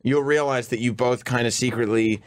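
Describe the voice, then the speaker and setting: A man's voice: medium pitch, fairly even intonation, normal speed. A man co-hosting a radio talk show, chatting and teasing guests in the studio. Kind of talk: casual studio banter.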